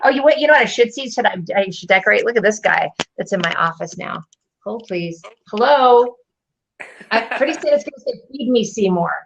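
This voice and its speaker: A woman's voice: mid-range voice, lively intonation, gravelly, a bit bright, muffled recording, slight background noise. Bubbly woman hosting a livestream. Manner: bubbly, affectionate, quick asides. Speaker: host. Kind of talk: casual livestream chat. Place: home office.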